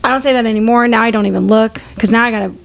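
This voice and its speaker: A woman's voice: on the high side, fairly even intonation, very fast, gravelly. A woman in her thirties, a podcast co-host, telling candid, profane stories in casual chat and laughing often.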